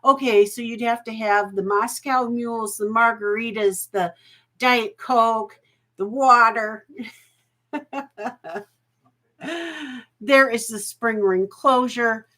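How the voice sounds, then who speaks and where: A woman's voice: on the high side, steady tone, slow pace, long pauses, a bit bright. A woman hosting a live jewelry auction stream, chatty and folksy, laughing often and getting emotional.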